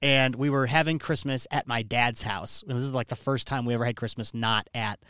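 A man's voice: mid-range voice, steady tone, a little fast, bright, forceful tone, smooth, no echo, clean studio sound. A man from Iowa hosting a podcast, telling rambling personal stories in casual chat with lots of restarts. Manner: rambling, storytelling with many restarts. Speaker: podcast host. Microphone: studio microphone.

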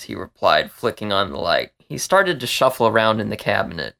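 A man reading a story aloud in a plain, steady narration. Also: lowish voice, brisk, vocal fry. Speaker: story reader.

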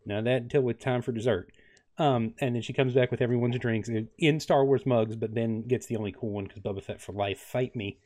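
A young man running a tabletop game, narrating scenes in a plain, mid-pitched voice. He halts often on ums and uhs while he thinks aloud and jokes with his players. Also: fairly even intonation, fairly quick, darkish tone. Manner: hesitant, many ums and uhs. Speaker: game master.

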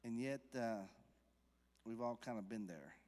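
A man preaching a sermon to a church congregation in a conversational way, putting questions to the listeners and rising to loud, emphatic peaks. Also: mid-range voice, expressive, a little slow, big-room sound. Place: church sanctuary.

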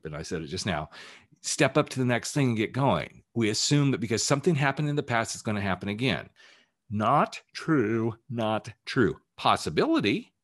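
A man who works as a life coach, giving a candid, emphatic motivational talk on his podcast and swearing casually as he goes. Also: lowish voice.

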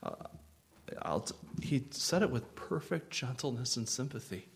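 A man preaching a sermon as pastor, earnest and gentle, with sudden swells of intensity. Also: mid-range voice, very animated, normal speed, vocal fry.

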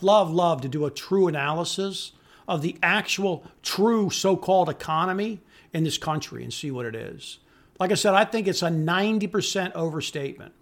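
High-voiced man ranting with contempt. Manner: angry, contemptuous ranting with profanity; emphatic repetition. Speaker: podcast host. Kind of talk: solo podcast monologue.

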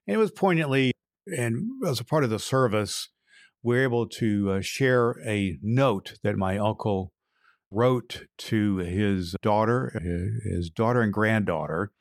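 Earnest retired pastor hosting a podcast. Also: male voice, fairly low pitch, measured pace, no echo, studio quality. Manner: earnest storytelling with restarts. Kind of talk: casual podcast monologue.

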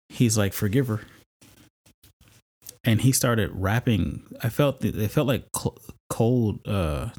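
Low-voiced man sharing a faith story. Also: a little mellow. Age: adult, married with kids. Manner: conversational, storytelling with laughs and fillers. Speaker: podcast host. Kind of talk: personal faith testimony.

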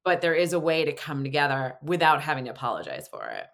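Low-voiced woman in casual chat. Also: fast, gravelly. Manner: warm affirming listener, animated when telling stories, laughs easily.

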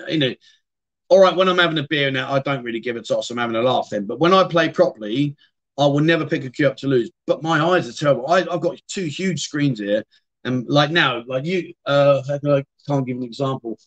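A man's voice: medium pitch, fairly bright tone, highs cut off. A middle-aged British man hosting a casual livestream, chatting loosely with viewers, often trailing off and restarting his sentences. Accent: British English. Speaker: livestream host. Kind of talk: casual livestream chat reading viewer comments. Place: home streaming room.

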